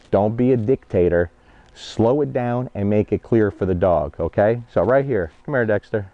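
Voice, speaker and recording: A dog trainer talks plainly and directly, pausing every so often to check that viewers are following along. His mid-pitched voice comes through dull and muffled, as if from a half-broken mic. The sound is dry, with almost no room echo. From New Jersey, USA. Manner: direct, conversational, keeps checking in with "okay?" and "guys". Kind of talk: instructional vlog while training a dog.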